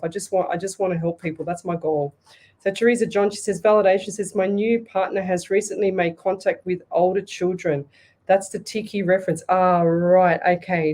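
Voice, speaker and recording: An Australian woman hosts a live online psychic show and reads viewers' comments aloud. Her voice is fairly low and mellow. She speaks bluntly and with passion, stumbling and restarting mid-sentence. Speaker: psychic medium radio host. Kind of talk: live-streamed call-in reading show.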